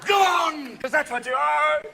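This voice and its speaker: A man in his fifties delivers a rapid-fire stand-up routine in a very high voice, constantly leaping into character voices. The live recording carries clear room ambience behind him. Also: bright, forceful tone, raised voice, a little hiss or hum. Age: 50s. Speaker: stand-up comedian.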